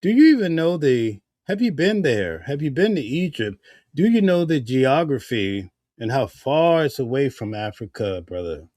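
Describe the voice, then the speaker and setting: A vlogger with a mid-range, slightly mellow voice gives very animated spoken commentary at normal speed, recorded dry in studio quality. His casual delivery turns heated and preachy, packed with rhetorical questions.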